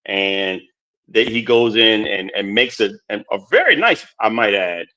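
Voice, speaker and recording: A man's voice: on the low side, lively intonation, a little slow, sharp tone. Guy hosting a movie podcast, rambly, keeps stumbling over words, kinda muffled sound. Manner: rambling, laughs often, repeats words. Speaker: podcast host. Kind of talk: casual chat. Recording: dull lo-fi sound.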